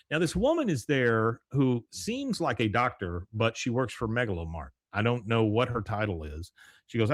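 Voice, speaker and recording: A man's voice: medium pitch, sing-song, normal speed, no echo, clean studio sound. A man hosting a podcast, casually retelling a cartoon episode and quoting lines in lightly raised voices. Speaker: podcast host.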